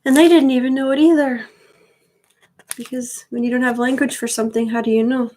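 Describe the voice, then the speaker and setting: A woman's voice: high-pitched, steady tone, fairly quick, dark tone, low-quality recording. A woman in her thirties chatting casually on a live stream, rambling with wry asides. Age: 30s. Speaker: vlogger.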